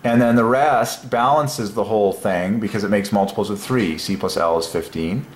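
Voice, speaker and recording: A man presenting word-number puzzles on his own, thinking aloud with growing excitement and chuckling between points. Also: lowish voice, moderate pace, echoey room, slight background noise.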